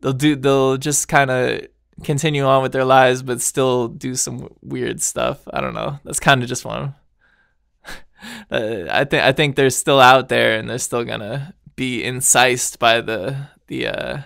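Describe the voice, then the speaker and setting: Male podcast host, solo casual chat, rambling and chuckling, resonant with some fry. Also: medium pitch, unhurried, a bit bright, dry recording, clean studio sound. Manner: rambling, loose, laughs often, trails off mid-thought.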